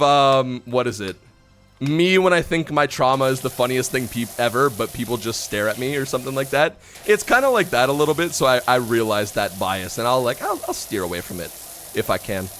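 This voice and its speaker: A young man streaming live, telling stories in a casual, profane, ranting way. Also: mid-range voice. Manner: profane, ranting, animated storytelling.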